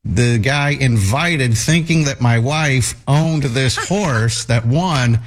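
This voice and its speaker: A man's voice: medium pitch, slow pace. A man in his thirties, a talk show regular, telling a casual anecdote in a rambling way with many fillers and restarts.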